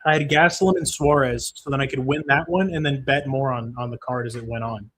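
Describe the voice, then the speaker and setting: Still sore over a lost bet, a young livestream host watching fights lets loose a profane tirade and reads out chat messages from viewers. He speaks a little fast in a steady, fairly bright, medium-pitched voice.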